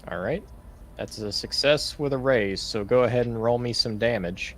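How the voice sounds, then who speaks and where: A male game master narrating a tabletop game at a mid-range pitch. He rambles easily, filling his pauses with "uh" and "like". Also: a little hiss or hum. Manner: relaxed, rambling with many fillers.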